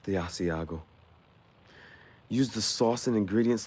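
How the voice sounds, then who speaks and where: A man's voice: deep voice, animated, normal speed, pauses often, dry recording. Laughing, playful male streamer. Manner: playful, laughs often, riffs on the spot. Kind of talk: casual live-stream chat with viewers.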